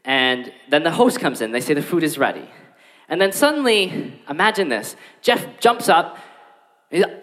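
Animated male preacher in a reverberant hall. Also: a little high, normal speed. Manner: animated, acts out the excuses with playful voices. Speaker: pastor. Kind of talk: sermon.

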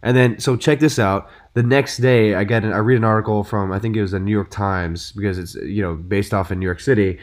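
A man in a casual podcast discussion, telling stories in an animated way, full of "you know" and "dude". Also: on the low side, fairly quick, few pauses. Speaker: podcast co-host.

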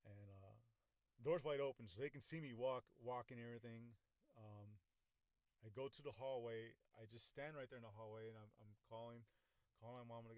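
A young man tells a personal story in a casual, halting way, often repeating words as he acts out what others said. His voice sits at an ordinary middle pitch. The sound is dry, with no room echo. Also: fairly even intonation, a little mellow.

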